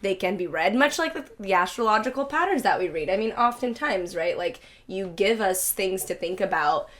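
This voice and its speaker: A woman's voice: mid-range voice, expressive, moderate pace, a bit bright. A woman hosting a casual podcast chat. She is chatty and giggly and laughs often. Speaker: podcast host.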